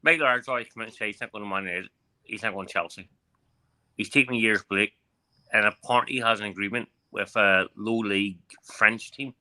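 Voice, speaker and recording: Male caller, low pitch, very bright tone, earnest delivery. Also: fairly quick. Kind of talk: casual phone-in chat.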